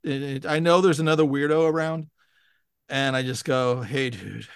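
A man from San Francisco chatting casually, telling lively stories and acting out what people said. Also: medium pitch, moderate pace, smooth, no echo, studio quality. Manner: animated storyteller, acts out quotes in raised voices. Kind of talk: casual chat.

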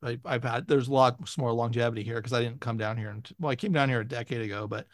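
A man from San Francisco chatting casually, telling lively stories and acting out what people said. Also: mid-range voice, fast, dry recording, clean studio sound. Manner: animated storyteller, acts out quotes in raised voices. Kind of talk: casual chat.

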